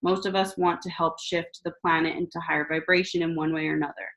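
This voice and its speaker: A woman in her thirties hosting a casual astrology talk, chatty and animated, swearing freely as she tells stories. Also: fairly low pitch, fast talker, rough recording. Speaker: spiritual host.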